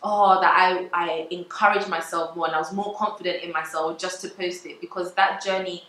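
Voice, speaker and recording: Bright, chatty woman vlogging. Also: fairly low pitch, fairly even intonation, moderate pace, reverberant, a little hiss or hum, rough recording. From England. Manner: chatty, confessional, laughs often. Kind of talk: casual vlog talk to camera.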